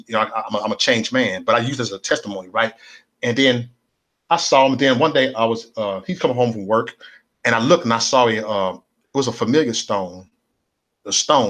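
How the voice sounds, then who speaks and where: A middle-aged man from Chicago tells his life story as a personal testimony, animated and repeating himself, acting out other people's voices. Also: mid-range voice. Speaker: speaker sharing his testimony.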